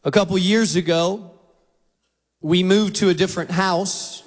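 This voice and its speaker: A man preaching in a big auditorium, his voice sitting fairly high for a man. He tells animated stories and slips into other people's voices. A long reverb trails each phrase. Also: unhurried. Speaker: pastor. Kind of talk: sermon. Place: large auditorium.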